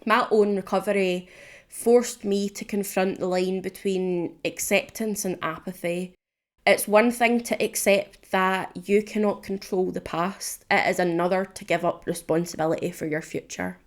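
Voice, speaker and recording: Slow-talking woman, candid and rambling. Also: mid-range voice, fairly even intonation. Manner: candid, rambling, laughs often, swears casually. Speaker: podcast host. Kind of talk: solo podcast monologue.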